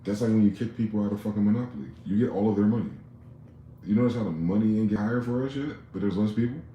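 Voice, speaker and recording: A man's voice: fairly low pitch, fast talker, lo-fi sound, a little hiss or hum. A man giving a heated, profane, sarcastic rant about politics and money as a commentary vlogger. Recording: roomy echo.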